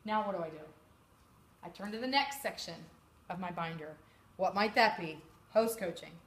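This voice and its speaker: A woman giving a chatty, animated sales training talk to a live group, sometimes acting out customers' voices. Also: on the low side, moderate pace. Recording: echoey room with background noise.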